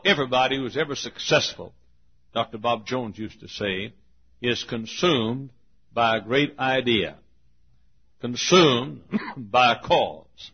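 A husky man preaching, his voice dull and muffled on an old lo-fi tape. He tells a story as a pastor, clears his throat often, trips back over phrases, and slows right down on the words he wants to land. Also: mid-range voice. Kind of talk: sermon storytelling.

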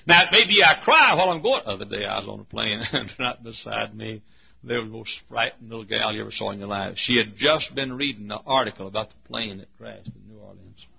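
An older man preaching a folksy sermon, telling stories, often laughing mid-sentence and breaking into sudden shouts. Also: fairly low pitch, animated, a little fast, gravelly, slightly rough. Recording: dull lo-fi sermon recording.

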